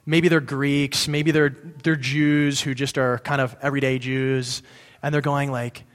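A man of middle pitch preaches a relaxed sermon, reading a passage and then talking it through in plain, chatty language. He stops to correct himself and check in with his listeners. His voice rings out with a long reverb, as in a large hall. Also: unhurried. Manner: conversational, breaks off to explain, corrects himself. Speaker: pastor. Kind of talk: casual sermon reading and explaining scripture.

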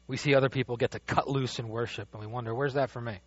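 A man preaching a sermon as pastor, animated, dropping to a hush and rising loud as he acts out the father's words. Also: medium pitch, quick pace, breathy edge, no room sound. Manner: animated, swings from hushed to loud when quoting the father. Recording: dull dry lo-fi sound.

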